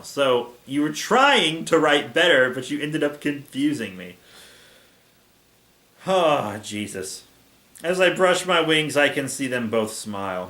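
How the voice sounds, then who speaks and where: A man's voice: on the high side, sharp tone. A man hosting a comedic reading of fan fiction, narrating and adding sarcastic, exasperated asides. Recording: echoey room.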